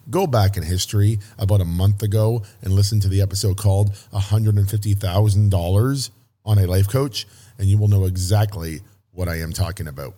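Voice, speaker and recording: A man hosting a podcast, talking in an energetic, motivational way with punchy repetition and a hoarse, strained voice. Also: on the low side. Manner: pumped-up, emphatic, punchy repetition. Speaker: podcast host.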